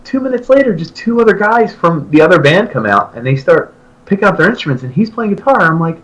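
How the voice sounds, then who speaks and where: A man in his thirties, a podcast co-host, telling a long story in casual chat and acting out his own excited remarks. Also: high voice, quick pace, rough recording. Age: 30s. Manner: animated, jumps into loud excited quoted voices.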